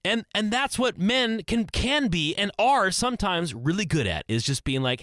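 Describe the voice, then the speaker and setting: A man's voice: sing-song, moderate pace, hardly any pauses, a bit bright, dry recording, studio quality. A young man hosting a podcast, talking alone in a casual, earnest and rambling way, restarting his sentences often. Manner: earnest, rambling, with many restarts and swings in pitch. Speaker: podcast host. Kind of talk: casual solo monologue. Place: small closet.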